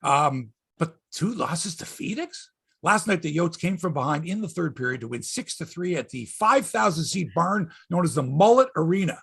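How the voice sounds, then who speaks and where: A man's voice: a little high, sing-song, normal speed, creaky, a bit bright, breathy edge. A middle-aged Canadian man hosting a sports podcast, chatting casually in a rambling, profane, wry way. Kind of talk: casual chat.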